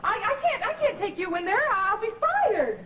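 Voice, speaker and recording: An actress playing a nervous bank employee in a 1980s TV soap, stammering in protest. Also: female voice, very high voice, sing-song, moderate pace, bright, forceful tone, slight background noise, heavily acted. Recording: old TV broadcast, muffled.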